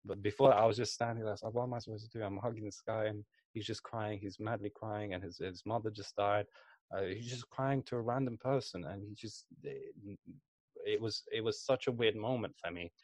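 Young man, low voice, dry close sound, rambling casual storyteller. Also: fairly even intonation, fairly quick, a little mellow, dry recording. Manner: rambling storyteller, lots of fillers and restarts. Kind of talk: casual chat.

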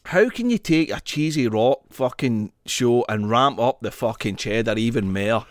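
A man's voice: mid-range voice, lively intonation, normal speed, no echo, studio quality. A Scottish man co-hosting a podcast in casual chat, rambling and sweary, restarting his sentences. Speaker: podcast co-host.

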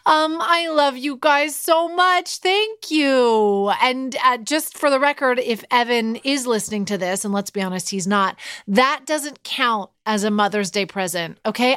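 A woman's voice: a little high, a bit bright, dry recording. A woman in her thirties hosting a podcast, chatting casually with playful, self-mocking humor. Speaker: podcast host. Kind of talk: casual chat.

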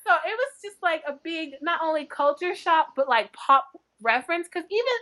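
A young woman from North Dakota, a book blogger guest telling animated stories in casual interview chat, laughing often. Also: very high voice, moderate pace.

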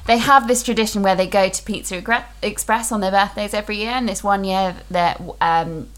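A woman's voice: mid-range voice, fairly even intonation, fairly quick. A woman hosting a casual, enthusiastic book chat. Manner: chatty, enthusiastic, with fillers. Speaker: podcast host.

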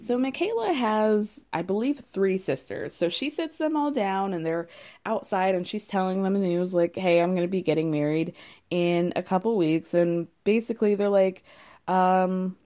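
A woman's voice: mid-range voice, normal speed, dark tone. A young woman in casual recap commentary, wry and amused, often breaking into laughter as she talks. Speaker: reality show recapper.

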